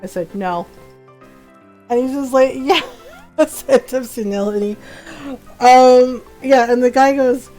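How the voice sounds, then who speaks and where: Faint music plays behind a woman streamer who chats while gaming, laughing frequently and acting out what people said in her stories. Her high voice is steady and dark in tone, at a normal speed.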